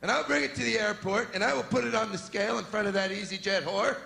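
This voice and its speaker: A man doing a stand-up routine, animated and shouting his punchlines. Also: high-pitched, fast, vocal fry, very noisy. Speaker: stand-up comedian. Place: comedy club stage. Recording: echoey club recording with loud crowd.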